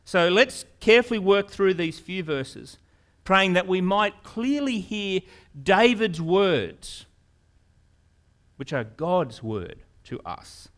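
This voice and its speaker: A male pastor preaching a sermon in an earnest manner, repeating words and rising into loud, pleading questions. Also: high-pitched, big pitch swings, takes it slowly.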